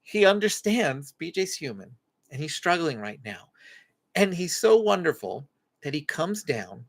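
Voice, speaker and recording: A man's voice: a little high, normal speed. A man hosting a live-stream parenting Q&A, teaching with faith-based advice and acting out parent and child lines. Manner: animated, acts out parent and child lines in dialogue. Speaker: parenting coach and host.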